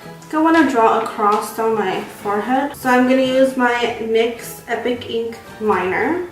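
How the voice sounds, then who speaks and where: A beauty vlogger in her twenties chats while doing her makeup for a get-ready-with-me video, rambling and poking fun at herself. Her voice is on the high side at a moderate pace. She's recorded from far off in a very echoey room, with faint music behind.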